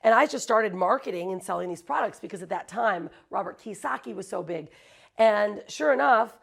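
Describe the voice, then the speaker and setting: A woman in her forties talks as an interview guest, with a gravelly fry running through her mid-pitched voice. She tells her story conversationally and acts out the voices of the people she quotes. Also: expressive, normal speed, reverberant, poor audio. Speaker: interview guest, branding agency founder.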